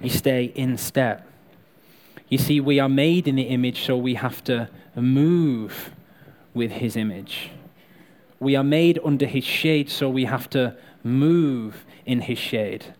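A man's voice: medium pitch, slow pace, a little mellow. A man preaching a sermon in a chatty, joking way, talking straight to the people in front of him and calling them up to help. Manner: chatty, joking, addresses the crowd directly. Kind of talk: sermon with live props and volunteers.

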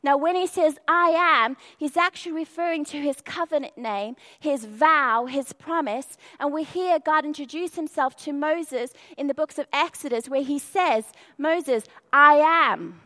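A woman's voice: high-pitched, normal speed, hardly any pauses, sharp tone. A woman preaching a sermon, telling the story with feeling and acting out the quoted voices. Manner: storytelling, acts out quoted speech with rising intensity. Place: perfume lamp demonstration at the start.

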